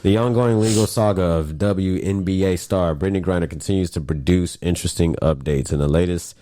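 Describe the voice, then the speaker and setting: A young man hosting a podcast, chatting casually in a rambling, animated way with some swearing. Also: low voice, brisk. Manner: rambling, animated, loose with profanity. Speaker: podcast host. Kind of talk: casual chat.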